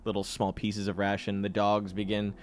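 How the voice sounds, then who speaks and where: A man narrating as game master in a tabletop game, talking lively with many fillers. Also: lowish voice, normal speed. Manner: lively, laughing, full of fillers.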